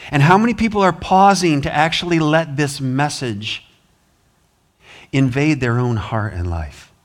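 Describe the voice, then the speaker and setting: A man's voice: fairly high pitch, lively intonation, a little slow. A man preaching a sermon as pastor, earnest, with rising emphasis, American accent. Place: church sanctuary.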